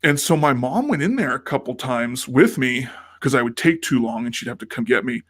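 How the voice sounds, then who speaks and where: A podcast co-host with a medium-pitched, fairly bright voice chats casually, speaking expressively and a little fast. He tells a rambling story, acting out what the people in it said. The studio-quality recording is dry.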